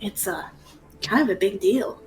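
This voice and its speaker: A woman voicing Marie, a bubbly, excitable young woman, in a tabletop game. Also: moderate pace, soft background music, natural voice, poor audio. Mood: chirpy. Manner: excitable, high and loud exclamations.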